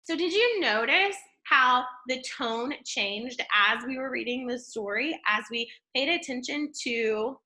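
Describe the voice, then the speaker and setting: A woman teaching a classroom reading lesson. She explains step by step, checks in often with the class, and uses an expressive tone to show how to read. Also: a little high, slow pace, hardly any pauses. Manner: explanatory, checks in with "okay?" and "right?"; expressive, shifts tone to model reading.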